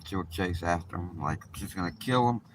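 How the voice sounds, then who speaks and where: A deep-voiced livestream host talks at a moderate pace while driving, cracking jokes, rambling and swearing freely. The setting shifts from a car to a park, and road noise is loud on the distantly placed mic.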